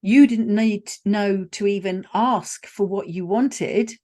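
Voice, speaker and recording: A woman's voice: mid-range voice, slow pace, warm tone. A woman hosting a solo podcast, telling a personal travel story in a conversational way with wry asides. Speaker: podcast host.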